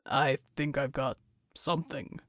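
A woman putting on a gruff rumbling big man. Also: takes it slowly, dry recording, studio quality. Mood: strained. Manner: low clipped rumbling lines.

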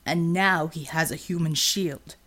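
A woman voicing a calm, analytical male hero who speaks in a measured, explanatory way. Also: low voice, pitched below the performer's own voice.

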